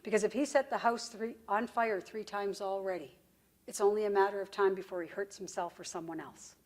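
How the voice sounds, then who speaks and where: A woman's voice: medium pitch, brisk, darkish tone. A woman giving a conference presentation in a direct, folksy storytelling manner.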